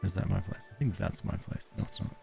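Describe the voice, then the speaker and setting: A man's voice: deep voice, steady tone, fast, creaky, warm tone, soft background music. A man with an Australian accent streaming a game, chatting casually with viewers in a joking, self-deprecating way and laughing often.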